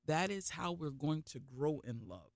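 A man's voice: fairly high pitch, sing-song, a little slow, creaky, no echo, studio quality. A man co-hosting a faith broadcast, preaching with fervent emphasis and repeating phrases for effect.

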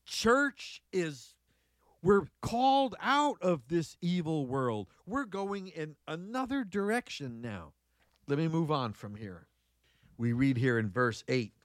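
A man's voice: on the high side, big pitch swings, takes it slowly, dry recording. A man preaching a sermon, reading Bible verses and breaking into folksy, conversational asides with exclamations, repeating key phrases for emphasis.

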